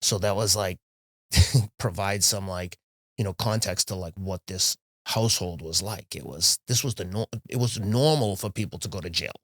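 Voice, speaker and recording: A man's voice: low voice, normal speed, no room sound, clean studio sound. A middle-aged man, a guest on a podcast, speaking candidly in casual conversation and often acting out what he said to himself and others. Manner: candid, animated storyteller who quotes himself. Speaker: podcast guest, marathon runner.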